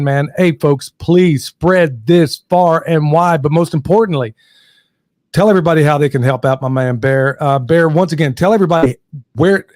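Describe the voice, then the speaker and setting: A man's voice: on the high side, a little mellow, no echo, clean studio sound. A man hosting a podcast who wraps up the interview with joking, brotherly banter. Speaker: podcast host. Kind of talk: casual interview chat.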